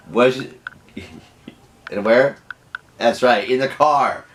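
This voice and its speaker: A man's voice: mid-range voice, slow pace, pauses often, fairly bright tone, recorded from a distance, slight background noise. A man casually telling a storytime tale, rambling with lots of restarts and "you know"s. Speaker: vlogger.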